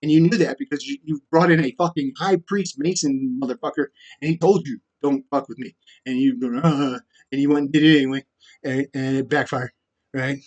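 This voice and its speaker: A man talking straight to camera in a rambling, profane monologue that keeps jumping to louder, higher bursts. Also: steady tone, brisk, dull audio. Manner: rambling, profane, with sudden loud rises. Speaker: vlogger.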